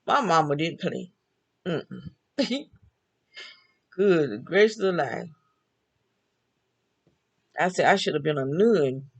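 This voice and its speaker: Older woman, gravelly voice, chatty storyteller who laughs often. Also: deep voice, sing-song, takes it slowly, pauses often, low-quality recording. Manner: chatty, laughs often, talks back and forth with herself. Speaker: vlogger. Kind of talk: casual storytelling monologue.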